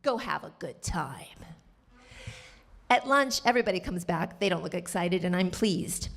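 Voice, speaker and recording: A woman from the Bronx telling a personal story at a live storytelling show, animated, with sharp jumps up in pitch when she quotes people. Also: moderate pace, gravelly, soft background music. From the Bronx, New York.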